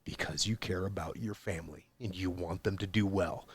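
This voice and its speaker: A man's voice: deep voice, steady tone, moderate pace, husky. A man in his forties, a former military leader, explaining his ideas emphatically in a casual podcast conversation. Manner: emphatic, explanatory, building points with repetition.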